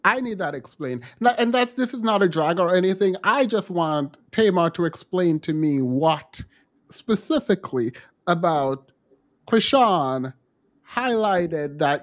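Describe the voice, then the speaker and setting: A man's voice: sits high, lively intonation, a little slow. A man hosting a commentary podcast, reacting to clips in a blunt, opinionated way.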